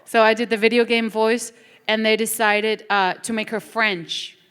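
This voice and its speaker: A woman's voice: fairly high pitch, flat delivery, normal speed, fairly bright tone, clear, resonant tone. A woman from Europe, speaking candidly as a panelist at a convention. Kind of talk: casual panel talk. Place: large convention hall. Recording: echoey convention hall.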